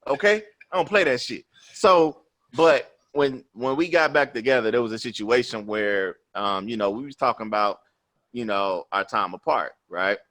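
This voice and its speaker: A man's voice: mid-range voice, normal speed, fairly bright tone. A man in his thirties, a podcast host, telling a personal story in loose, profane chat and tagging his lines with "you know what I'm saying".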